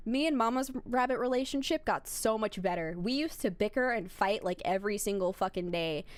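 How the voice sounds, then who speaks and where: A woman's voice: medium pitch, animated, brisk, dry recording. A young woman VTuber streamer chatting casually with her audience, rambling and swearing as she talks. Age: young adult. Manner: rambling, profane, talks straight to chat. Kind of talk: casual livestream chat.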